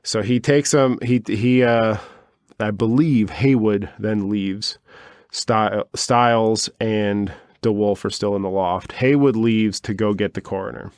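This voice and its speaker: Male podcast co-host, low-pitched, wry and rambling storyteller, dry close recording. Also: steady tone, unhurried, darkish tone, clean tone, dry recording. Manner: rambling and wry, with many fillers and asides. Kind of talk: casual storytelling chat.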